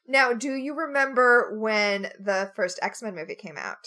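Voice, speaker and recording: A woman's voice: a little high, lively intonation, measured pace, bright, forceful tone. A woman co-hosting a casual podcast chat, sarcastic and given to mock outrage. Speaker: podcast co-host.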